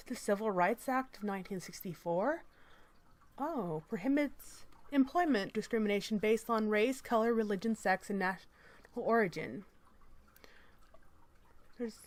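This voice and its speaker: A woman's voice: mid-range voice, a little slow, long pauses. A woman reading an article aloud and commenting on it in a sarcastic, mock-innocent manner.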